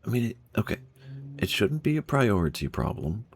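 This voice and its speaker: A man's voice: fairly low pitch, sing-song, normal speed, slight background noise. A young man streaming a game, thinking aloud and puzzling over what went wrong, chuckling to himself at a desk microphone. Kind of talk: casual gameplay commentary.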